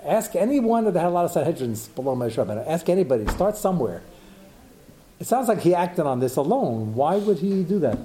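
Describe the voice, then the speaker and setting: Guy giving a talmud class, kinda high voice but soft and mellow, keeps asking questions out loud. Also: very animated, brisk. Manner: thinks aloud, asks rhetorical questions, mixes Hebrew terms. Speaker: Torah teacher. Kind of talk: Talmud lecture.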